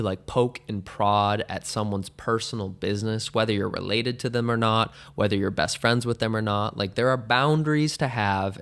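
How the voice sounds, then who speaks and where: A man hosting a casual advice podcast, talking thoughtfully with many pauses and restarts. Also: fairly low pitch, gravelly, a bit bright. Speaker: podcast host.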